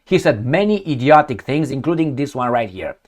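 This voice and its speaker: A man's voice: mid-range voice, big pitch swings, a little fast. A man hosting a solo political commentary. He talks bluntly and sarcastically, swears, and rambles with searching fillers.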